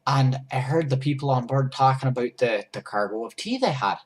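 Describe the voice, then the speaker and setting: A man's voice: mid-range voice, fairly quick. A man narrating a goofy first-person story while he draws, rambling and breaking off to fix his drawing. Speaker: storyteller and drawer.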